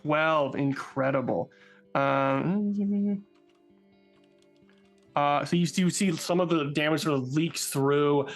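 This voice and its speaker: A man narrating as game master for a tabletop game, excitable and halting, with many fillers. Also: a little high, faint music behind.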